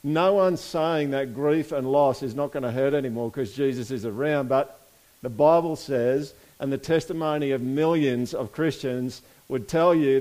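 A pastor delivers a sermon with a slightly higher-than-usual male voice. He talks casually, speaking directly to the congregation and pulling responses from the room. He reads passages aloud and then unpacks them in plain, everyday terms. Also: a little mellow. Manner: conversational preaching with audience call-and-response.

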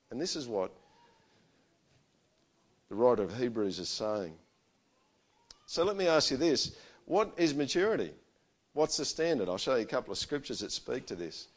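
A middle-aged man, preaching a sermon and telling stories in a conversational, animated way. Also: medium pitch, a little slow, long pauses.

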